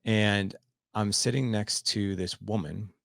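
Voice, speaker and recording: A man with a very low, gravelly voice tells a story as a podcast guest. He talks in an animated way, slipping into the voices of the people he quotes and restarting his sentences often. The sound is dry and close. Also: slow, no echo. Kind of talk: casual storytelling.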